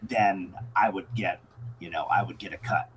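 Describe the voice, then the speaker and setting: A man co-hosting a casual movie podcast, mostly giving short agreements and quick asides. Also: low voice, fairly even intonation, a little hiss or hum. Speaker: podcast co-host. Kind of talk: casual movie recap chat.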